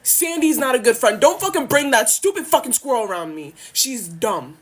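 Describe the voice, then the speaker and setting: A woman's voice: on the high side, sing-song, moderate pace, slightly rough. A woman in a heated, profane rant, arguing hard against an imagined opponent. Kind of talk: heated social media rant.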